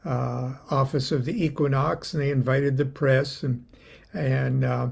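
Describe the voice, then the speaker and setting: An older man hosting a casual chat, rambling and halting with many fillers. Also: mid-range voice, level tone, gravelly, darkish tone, husky. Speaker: host.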